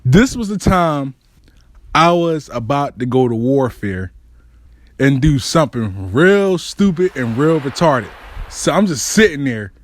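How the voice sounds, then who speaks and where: A young man telling a comic personal story, profane and animated, acting out what people said. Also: medium pitch, measured pace, no room sound. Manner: animated, profane, acts out quotes.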